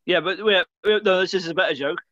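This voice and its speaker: A man's voice: sits high, fast talker, sharp tone, no room sound. A man in a casual chat, chipping in with questions and prompts. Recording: dry dull lo-fi audio.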